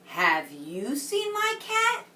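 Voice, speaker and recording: A woman voicing a little boy who is looking for his lost cat, read slowly and earnestly as a storybook voice, in an echoey room with the mic at a distance. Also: high voice, wildly swooping pitch, sharp tone, slight background noise, voice pushed up, exaggerated voice. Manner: slow, earnest storybook reading.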